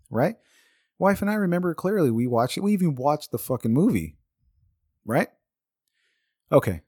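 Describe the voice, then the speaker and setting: A man's voice: mid-range voice, warm tone, no echo, clean studio sound. A man in his thirties rambling in a casual monologue, swearing freely and throwing in exasperated asides. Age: 30s.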